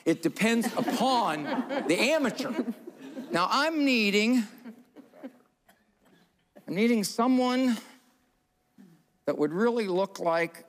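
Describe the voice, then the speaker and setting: A man's voice: high voice, lively intonation, slow, pauses often, a bit bright. A man giving a live parenting talk on stage, teasing audience volunteers and chuckling as he goes. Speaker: parenting speaker. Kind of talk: live seminar talk with audience role-play.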